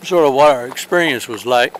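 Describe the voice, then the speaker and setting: A man's voice: mid-range voice, fairly quick, slight background noise. A man traveling on horseback, talking outdoors in a rambling, hesitant, wry way for his travel diary. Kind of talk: casual spoken travel diary.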